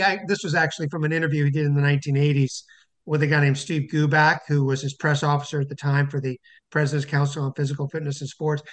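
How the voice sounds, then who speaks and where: A man's voice: fairly high pitch, a bit bright. A man being interviewed as an author, telling a long anecdote with many restarts and fillers. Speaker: author guest. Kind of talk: phone-in interview storytelling.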